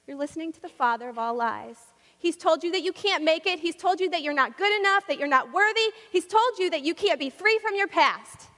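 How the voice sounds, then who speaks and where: A woman's voice: very high voice, lively intonation, a little fast, fairly bright tone, big-room sound. A woman preaching a sermon in a church, with rhythmic, repetitive and emphatic delivery.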